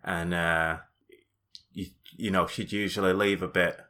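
A man's voice: low-pitched, little pitch movement, unhurried, sharp tone. A man co-hosting a podcast, throwing dry teasing put-downs at his friend. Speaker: podcast co-host. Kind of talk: casual chat.

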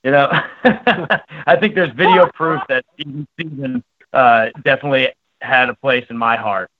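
A man calling in as a guest for a casual interview, talking in a rambling, halting, self-deprecating way. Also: mid-range voice, dry recording. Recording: dull dry phone call.

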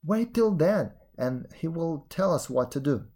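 A man's voice: on the high side, expressive, unhurried, dark tone, voice pushed up. A man voicing a young, spoiled princess in a fairy tale reading, coaxing and eager. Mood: commanding. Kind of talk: storybook reading.

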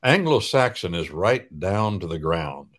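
A man with a lowish voice hosts a radio talk show. He explains things in a folksy, preacherly way and leaves drawn-out pauses as he gathers his words. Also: big pitch swings, a bit bright. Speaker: radio host.

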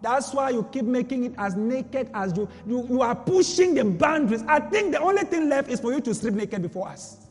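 A man's voice: extremely high pitch, expressive, a little fast, in a large hall, faint music behind. A man preaching a sermon with emphatic repetition and rhetorical questions.

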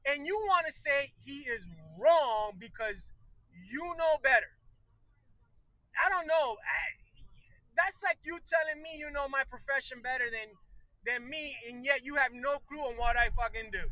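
A man's voice: very high voice, sharp tone, no room sound, rough recording. A man from the United States in his thirties, ranting in casual commentary, exasperated and profane, often breaking into laughter.

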